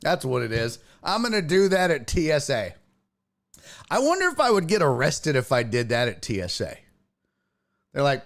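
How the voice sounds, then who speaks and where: A man hosting a sports podcast, chatting casually, excitable and profane, often laughing and imitating voices. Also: a little high, normal speed, pauses often.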